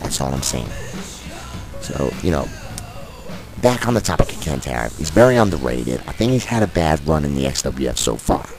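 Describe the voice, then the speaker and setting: A man doing play-by-play commentary of a wrestling show, opinionated and excitable, openly taking sides. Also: rumbling low, moderate pace. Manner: opinionated, excitable, biased toward one wrestler, mock-fearful outbursts. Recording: music playing behind.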